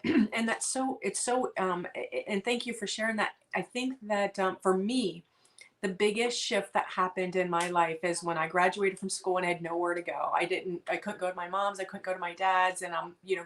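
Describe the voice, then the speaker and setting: Earnest middle-aged woman telling her story. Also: lowish voice. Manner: earnest, halting, many restarts. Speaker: guest author. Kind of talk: heartfelt personal storytelling.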